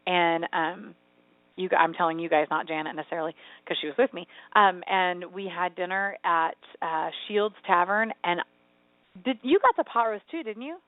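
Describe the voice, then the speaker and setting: A woman's voice: fairly low pitch, moderate pace, no room sound. Woman co-host, chatty and rambling, over a thin phone-like radio signal. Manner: chatty, rambling, animated storytelling. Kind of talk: casual chat. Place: home. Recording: tinny phone-like radio sound, dry.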